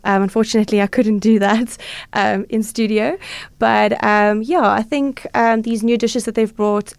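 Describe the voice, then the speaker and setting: A woman guest with a smooth voice that has a gravelly edge, describing dishes hesitantly with plenty of fillers. The recording is close and dry, made in a studio. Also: medium pitch, dry recording. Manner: hesitant, many fillers, informal. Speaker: restaurant representative guest. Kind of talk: radio interview, describing dishes. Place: radio studio.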